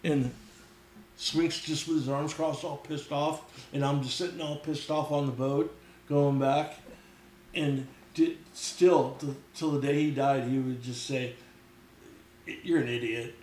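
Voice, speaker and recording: A middle-aged former mechanic, guesting on a podcast, tells a rowdy, animated story, swearing casually and slipping into the voices of the people he describes. His voice sits fairly high, a touch above the usual male range, and a bit slow. The recording has some hiss or hum and a noticeable room echo.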